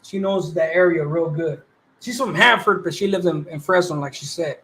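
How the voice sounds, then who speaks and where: A man's voice: a little high, normal speed, a bit bright. A young man in his twenties hosting a casual livestream chat, talking in laid-back slang and laughing often. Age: 20s. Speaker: livestream host.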